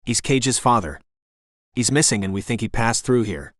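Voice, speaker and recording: A man voicing a confident, sincere young woman in an audiobook, reading her lines softly. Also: mid-range voice, animated, moderate pace, no echo, studio quality, lightly acted.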